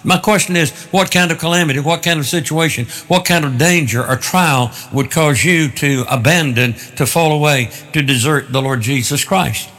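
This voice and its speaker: Higher-pitched man preaching deliberately. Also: fairly bright tone. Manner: deliberate, repeats phrases for emphasis. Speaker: pastor. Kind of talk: expository sermon.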